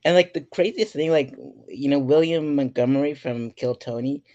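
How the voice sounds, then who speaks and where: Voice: mid-range voice, normal speed, warm tone. Host laughing a lot and rambling on a muffled stream mic. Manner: giggly, rambling, lots of fillers. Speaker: podcast host. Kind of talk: casual interview chat.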